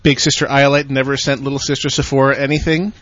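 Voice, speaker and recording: A man's voice: mid-range voice, flat delivery, fast talker, a bit bright. A man co-hosting a casual podcast, reading listener emails in a playful, teasing way. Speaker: podcast co-host. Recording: dull lo-fi podcast audio.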